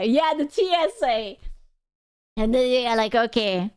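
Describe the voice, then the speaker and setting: High, smooth-voiced young woman telling a story. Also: normal speed, no room sound, studio quality. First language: not English. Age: young adult. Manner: animated, stammering restarts, swears freely. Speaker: VTuber streamer. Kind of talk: casual storytelling stream.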